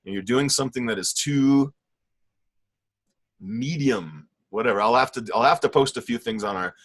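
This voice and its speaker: Speaking at medium pitch and a normal speed, a middle-aged art teacher gives feedback on his online painting students' work. He's enthusiastic and meandering, stumbling through fillers and constantly correcting himself.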